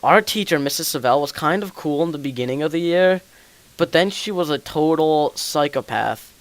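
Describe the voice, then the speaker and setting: A man's voice: on the high side, animated, normal speed. A teenage man hosting a casual gaming podcast, rambling through school stories with lots of fillers. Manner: rambling storyteller, many fillers. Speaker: podcast host. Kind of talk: casual chat while gaming.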